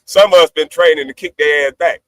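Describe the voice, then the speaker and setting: A man's voice: fairly high pitch, fairly quick, a bit bright, no echo. Brash trash-talking man on a livestream. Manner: boastful, profane, trash-talking. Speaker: livestream host.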